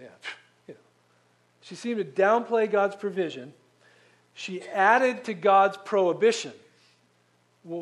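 A man preaching a sermon in a conversational way, asking the listeners rhetorical questions. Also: high-pitched. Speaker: pastor.

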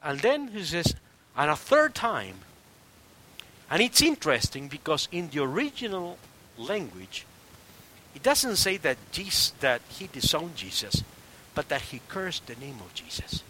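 Animated high-voiced preaching man. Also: measured pace, slight background noise. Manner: animated storytelling, acts out quoted voices; swings between loud preaching and hushed near-whispers. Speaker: pastor. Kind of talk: sermon.

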